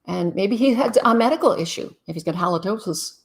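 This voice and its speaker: A woman from Canada hosting a live-stream Q&A on relationships, greeting viewers in a casual, chatty way and giving frank, brisk advice. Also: mid-range voice, animated, creaky.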